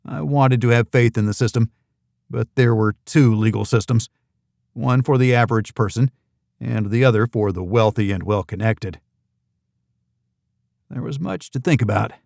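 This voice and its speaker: A man narrates a first-person thriller audiobook at a steady, measured pace. His mid-range voice has a noticeable gravelly grain. The recording is dry and close, with no room echo. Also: mid-range voice.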